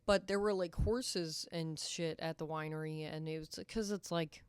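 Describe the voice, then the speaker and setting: A woman's voice: sits low, steady tone, moderate pace, smooth, no echo. A young woman co-hosting a podcast in casual chat, rambling with lots of "like", swearing and trailing off. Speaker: podcast co-host.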